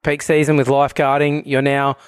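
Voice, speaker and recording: A man's voice: mid-range voice, completely flat delivery, fairly quick, clean tone, dry recording, clean studio sound. A man hosting a casual podcast interview, full of joking, matey banter. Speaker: podcast host.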